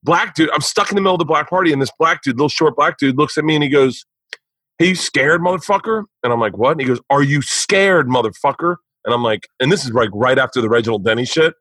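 A man, a comedian, spins a profane anecdote in loose podcast conversation. His voice is bright and a little husky, and he sits fairly high for a man. The sound is dry and close. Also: racing, few pauses, no echo, poor audio. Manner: animated, profane, laughing storyteller. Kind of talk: casual podcast storytelling.

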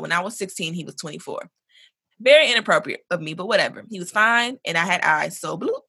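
A woman co-hosting a casual podcast, reading a listener's email aloud in an animated, profane way with African American English. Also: on the low side, breathy edge, dry recording. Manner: animated, profane, laughs often. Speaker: podcast co-host.

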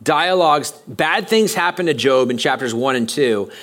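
A man's voice: mid-range voice, lively intonation, fairly bright tone. A man preaching a sermon as pastor, talking conversationally and often stopping to restart his sentences. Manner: conversational, halting with frequent restarts. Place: church sanctuary.

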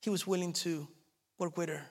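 A man's voice: high voice, a little fast. A male pastor preaching a sermon, telling stories animatedly and repeating key phrases. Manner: animated storytelling, acts out quotes, repeats phrases.

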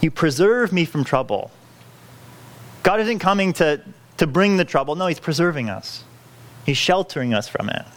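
A male pastor delivering a sermon in an earnest, pleading way. His voice sits a little high for a man and swings widely in pitch. He often restarts his phrases mid-thought. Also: animated, normal speed, pauses often. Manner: earnest, pleading, self-correcting with frequent restarts.

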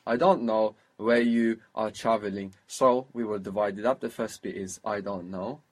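A man's voice: on the low side, fairly even intonation, normal speed, a little mellow. A man teaching a spoken language lesson, patiently coaching pronunciation step by step.

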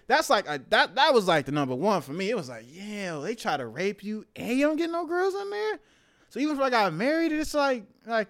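Young male podcast host, raised pitch and a clean, resonant tone; loose, slang-heavy, animated solo rant. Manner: slangy, profane, animated rants. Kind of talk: casual monologue.

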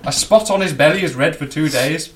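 A young man reading an article aloud haltingly in a casual podcast chat, breaking into laughter. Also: a little high, background noise.

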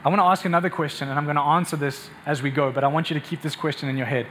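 A man's voice: fairly high pitch, racing, slight background noise. A man preaching a sermon with passion, often repeating words as he builds up. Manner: impassioned, repeats words when excited.

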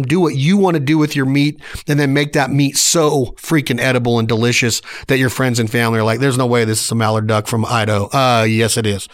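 A man's voice: medium pitch, a bit bright. A man in his forties hosting a podcast, giving a fired-up motivational solo rant in punchy, emphatic short sentences. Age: 40s. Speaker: podcast host.

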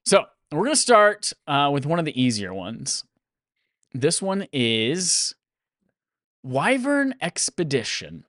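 Seorang pria membawakan kuis dalam obrolan podcast santai, sering tertawa dengan gaya yang hidup. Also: male voice, fairly high pitch, takes it slowly, no echo, studio quality. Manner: lively, laughs often, animated delivery. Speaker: podcast host. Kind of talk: casual podcast chat, running a quiz game.

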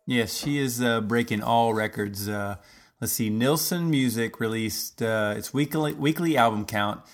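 A man's voice: medium pitch, a little slow. A man hosting a podcast in a casual, rambling comedic monologue, full of fillers. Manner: rambling, chatty, lots of fillers. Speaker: podcast host.

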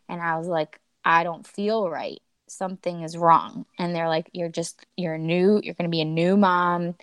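Podcast guest: young woman, low-pitched, chatty, quotes herself a lot. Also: moderate pace, hardly any pauses, smooth, no echo. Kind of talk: personal storytelling.

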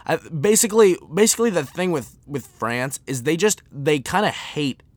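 Animated sarcastic American man ranting. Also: on the high side, normal speed, dry recording. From United States. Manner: animated, sarcastic, rambling with restarts. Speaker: podcast host. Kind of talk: unscripted comedic rant.

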